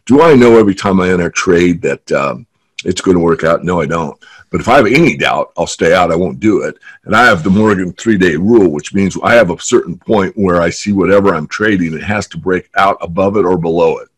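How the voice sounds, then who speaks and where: A man's voice: low voice, fairly quick, breathy edge. A man from the San Francisco Bay Area, a trader guest telling stories and jokes in a casual interview. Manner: animated storyteller, jokes.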